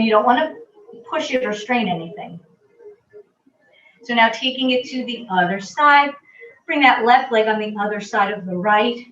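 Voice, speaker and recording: Woman fitness instructor calmly cueing stretches. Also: on the high side. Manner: calm, reassuring cues. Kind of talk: guided exercise instruction. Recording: roomy, distant, dull audio.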